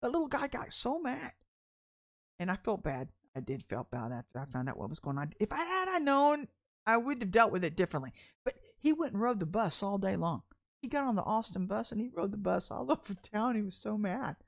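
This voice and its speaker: A middle-aged woman preaching in a casual, story-driven way. Her voice sits in a middle range, and she talks in an animated, chatty manner, breaking into laughter often. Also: medium pitch, brisk, creaky. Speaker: minister. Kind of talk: candid storytelling sermon.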